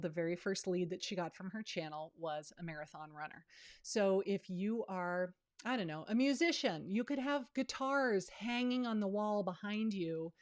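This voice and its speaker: A woman's voice: mid-range voice, a little mellow. Chatty, down-to-earth woman in her fifties. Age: 50s. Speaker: real estate coach. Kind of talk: live online training with Q&A.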